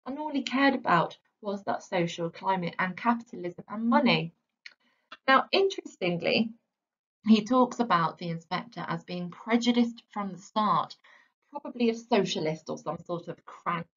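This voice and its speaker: Brief: woman teacher, mid-pitched voice, steady explanatory delivery with stressed key words, dull lo-fi sound. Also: normal speed. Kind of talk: literature lesson.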